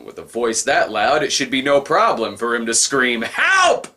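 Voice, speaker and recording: A man's voice: mid-range voice, moderate pace, bright, forceful tone. A man reviewing a bad film in a comedic voice-over, sarcastic and profane.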